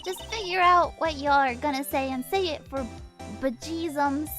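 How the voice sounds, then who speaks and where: A woman's voice: high voice, normal speed, faint music behind. A woman voicing a feisty southern woman photographer in a video game, with an exaggerated put-on Southern drawl. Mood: scolding. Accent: put-on American Southern. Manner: exaggerated drawl, loud and scolding.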